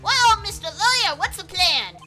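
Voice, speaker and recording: A woman voicing a brash, excitable young Southern woman with a folksy American Southern drawl. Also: very high-pitched, normal speed, faint music behind, voice pushed up, exaggerated voice. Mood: excited.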